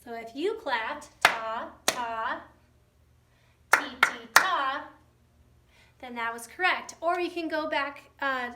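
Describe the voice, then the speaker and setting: A woman music teacher giving a recorded lesson to young children, coaching them through warm-ups and rhythms in an encouraging way. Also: sits high, slight background noise. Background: piano accompaniment.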